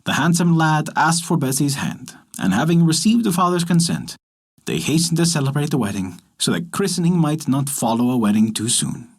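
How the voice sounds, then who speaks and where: A man telling a folk tale as a podcast storyteller, in gentle, expressive scripted narration. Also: a little high, normal speed.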